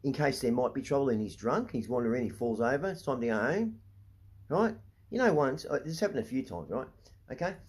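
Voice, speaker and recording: A man's voice: mid-range voice, expressive, a little fast. Australian man, middle-aged, angry rant, swears a lot, keeps asking "right?", mid-range voice. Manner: blunt and profane, repeatedly asking "right?"; heated, indignant. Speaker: vlogger. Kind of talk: ranting monologue to camera.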